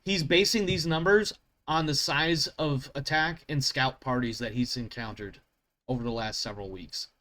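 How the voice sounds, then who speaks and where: A male game master narrates a tabletop campaign at a middling pitch. He rambles and keeps correcting himself, and he swears at his own slips. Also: moderate pace, pushed and bright.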